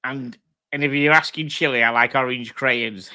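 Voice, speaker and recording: A man streams live from home with his dogs around, his medium-pitched voice pushed and bright, steady in tone and moderate in pace. He reads comments aloud, swears freely, and laughs a lot through the laddish back-and-forth with viewers.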